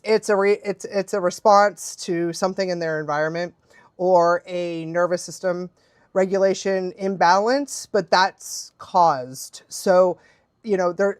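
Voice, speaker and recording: A woman's voice: medium pitch, dry recording, clean studio sound. A young adult woman chatting casually on a live stream as a dog trainer, bubbly and laughing often.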